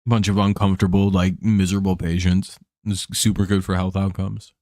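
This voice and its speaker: A man's voice: deep voice, little pitch movement, fairly quick, darkish tone, no echo, studio quality. A man hosting a live stream, chatting casually and offhandedly while calling the baseball count. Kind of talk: casual chat while watching a baseball game.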